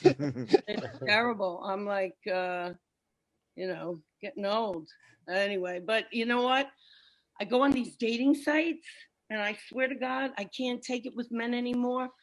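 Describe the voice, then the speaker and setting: A woman's voice: a little high, unhurried. A middle-aged woman doing a brash, punchy stand-up comedy set from home on a video call. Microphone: computer mic on a video call. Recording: noisy video call audio.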